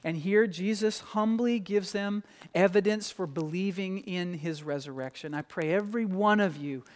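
A man preaching a sermon in a church, animated and acting out quoted voices. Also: high-pitched, normal speed. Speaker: pastor. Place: church sanctuary. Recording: long hall reverb.

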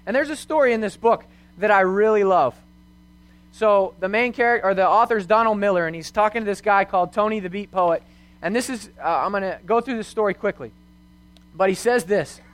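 A young man with a notably high voice delivers a sermon as a youth pastor. He speaks earnestly, weaving personal stories and rhetorical questions into his teaching. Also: fairly quick.

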